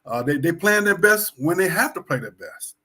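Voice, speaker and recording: Relaxed dude on a sports show, kinda high voice, reflective and easygoing. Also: male voice, moderate pace. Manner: laid-back, reflective storytelling. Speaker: sports talk co-host. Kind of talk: casual sports chat.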